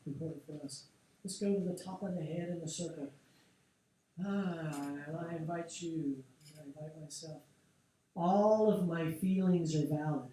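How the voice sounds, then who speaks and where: A man with a fairly high, mellow voice gently guides a group through a tapping session, inviting and encouraging. He is recorded from well away from the mic in a very echoey room, with faint noise behind. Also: distant mic. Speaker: workshop leader. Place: workshop studio room.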